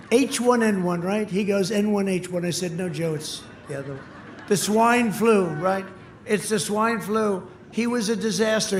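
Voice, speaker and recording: A man giving a campaign rally speech in short, punchy, repeated phrases, sometimes breaking into shouts, recorded outdoors through an echoing PA. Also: high-pitched, a little hiss or hum. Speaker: political speaker at a rally. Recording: echoey outdoor PA sound with crowd. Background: cheering crowd.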